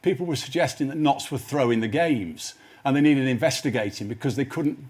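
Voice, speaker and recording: A husky-voiced man tells long, meandering stories as a guest on a live studio chat show. He stumbles over his words and restarts his sentences as he goes. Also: mid-range voice, a little fast, darkish tone. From Nottinghamshire, England. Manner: rambling, self-interrupting storyteller. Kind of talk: anecdotal chat show interview.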